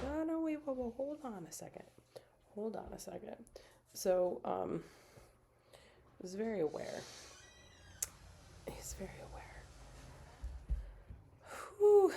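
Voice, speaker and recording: A woman's voice: deep voice, gravelly, mellow. A middle-aged woman chatting casually during a craft livestream, telling stories and acting out quotes. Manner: chatty, storytelling with acted-out quotes. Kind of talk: casual chat while crafting.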